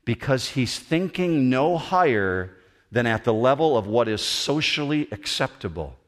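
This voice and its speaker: A man preaching a sermon as pastor, animated and acting out the voices he quotes. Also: mid-range voice, unhurried. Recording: long hall reverb.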